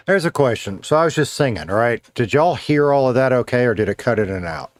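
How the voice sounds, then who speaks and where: A man's voice: mid-range voice, lively intonation, brisk, no room sound. A man streaming a game, rambling casually, thinking aloud and chatting with his viewers through a streaming mic. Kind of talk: casual live-stream chatter while gaming. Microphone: streaming mic with noise gate.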